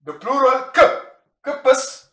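Slow, patient teacher in an echoey room. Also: sits high, big pitch swings, pushed and bright. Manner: repeats each word slowly and patiently, with asides on dialects. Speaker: language teacher. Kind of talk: vocabulary lesson, spelling out words. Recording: roomy echo.

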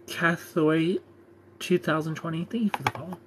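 A man's voice: on the high side, normal speed, background noise. A young man hosting a live stream, joking casually and reading out viewer comments.

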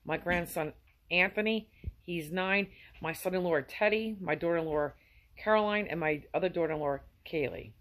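An effusive woman in her fifties chats casually to her viewers, rambling from one affectionate greeting to the next. Her voice sits low for a woman, and a faint hiss runs under the recording. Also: normal speed. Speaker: vlogger. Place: at home.

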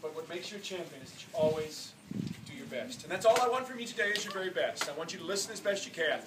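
Fast and on the high side, a fortysomething man leads a swim clinic for children with an earnest, spirited speech that goes quiet before erupting loudly. The setting is a large indoor pool, captured with echo, distance and plenty of hall noise.

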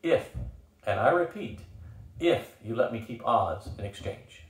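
A man's voice: medium pitch, animated, measured pace, lightly acted. A man voicing a sly, scheming male magician who bargains smugly. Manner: smug, bargaining. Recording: roomy echo.

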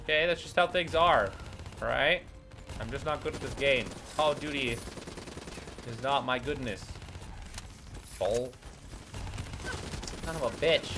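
A man's voice: mid-range voice, unhurried, pauses often, a little hiss or hum. A man doing let's play commentary, swearing and complaining at the game as he plays. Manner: profane, exasperated, yelling at the game. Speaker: gaming YouTuber.

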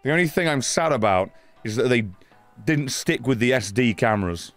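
A man's voice: mid-range voice, animated, moderate pace, soft background music. A man in his thirties giving live, sweary game commentary, ranting at the game in exasperation. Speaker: gaming streamer.

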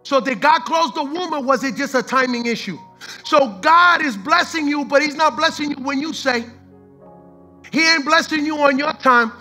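A man preaching with a very high, bright, ringing voice, switching from fervent shouts to quiet, close scripture reading. He talks with casual slang as he drives each point home, while soft music sits faintly behind him. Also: normal speed, rough recording. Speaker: pastor. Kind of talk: sermon.

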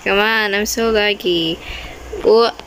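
A woman's voice: medium pitch, fairly even intonation, slow, a bit bright, slight background noise, poor audio. A young woman commenting on her own gameplay, easily startled, with frequent exclamations and non-native English grammar. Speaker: gaming video creator.

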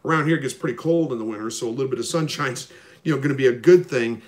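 A man hosting a live stream, reading viewer comments and answering them in a relaxed, rambling way with lots of ums. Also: medium pitch, rapid-fire. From Missouri. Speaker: livestream host answering viewer questions. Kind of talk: casual live chat, reading comments aloud.

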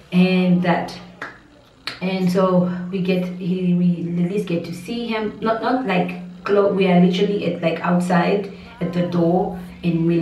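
A woman talks through a hard personal story, rambling and restarting, yet her voice stays steady. Her tone is mellow and a little low. She sounds somewhat distant from the mic, in a roomy space with a muffled, faintly noisy sound. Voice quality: steady voice that does not break. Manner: rambling, emotional, with many restarts and asides. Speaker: vlogger.

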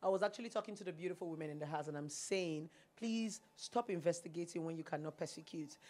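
A Nigerian woman hosting a TV call-in advice show, animated and preachy, slipping into Pidgin. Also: lowish voice, quick pace. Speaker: talk show host. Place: TV studio.

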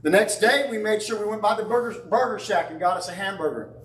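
A male pastor with a high voice delivers a sermon, conversational and emphatic, sliding easily into homely stories. He is picked up from some way off, and the church around him rings with echo. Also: quick pace, fairly bright tone, slight background noise. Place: church sanctuary. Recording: echoey church from far off.

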